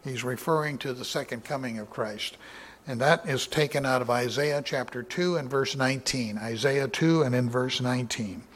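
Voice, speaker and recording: A man giving a Bible study sermon, reading verses aloud with raised emphasis and explaining them in a loose, conversational way with many fillers and some throat clearing. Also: medium pitch, moderate pace. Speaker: Bible teacher.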